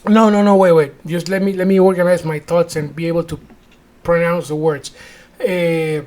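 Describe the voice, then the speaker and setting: A man's voice: a little high, steady tone, normal speed, darkish tone. A man whose first language is Spanish, hosting a podcast in English, telling a story in a casual, profane way and often stopping to search for English words. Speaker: podcast host.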